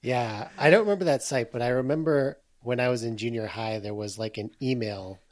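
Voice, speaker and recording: A man's voice: mid-range voice, fairly quick, darkish tone, dry recording. A man in his thirties co-hosting a podcast, telling jokes and stories with self-deprecating dry humor. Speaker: podcast co-host. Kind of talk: casual chat.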